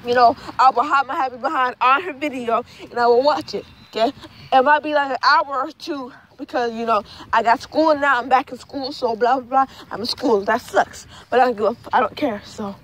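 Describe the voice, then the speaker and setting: A woman's voice: high-pitched, brisk, a bit bright, a little hiss or hum. A young woman telling a rambling, profane storytime vlog outdoors at dusk, tagging her phrases with "okay?". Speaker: student vlogger.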